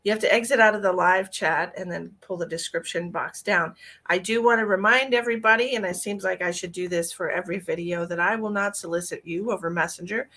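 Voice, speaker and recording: A woman's voice: on the low side, steady tone, fairly quick, a bit bright. A woman, a psychic medium, chatting casually on her live stream, greeting viewers by name and rambling through small talk.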